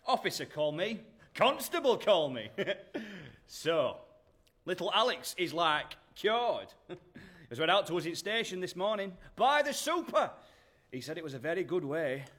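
An actor playing a dim young thug turned police constable who gloats slowly in a radio drama. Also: male voice, big pitch swings, fairly bright tone, exaggerated voice. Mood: gloating. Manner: slow, gloating, lurching up in pitch.

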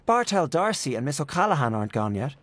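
A man voicing a lively young woman in a storybook reading, bright and teasing. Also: a little high, fast, dry recording, voice pushed up.

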